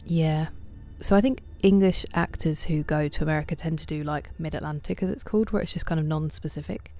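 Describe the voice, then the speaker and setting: A woman with a low voice chats with her stream viewers from a home setup at night. She greets people by name and answers their comments, her tone often sinking to a soft half-whisper. The close mic keeps her mellow, relaxed timbre right up front. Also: brisk. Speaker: livestreamer. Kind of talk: casual chat with viewers while gaming.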